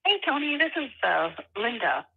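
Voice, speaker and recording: An older woman from North Carolina calling in to a show, speaking in a hesitant, halting way. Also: fairly high pitch, big pitch swings, creaky, breathy edge. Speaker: caller. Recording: dull phone line.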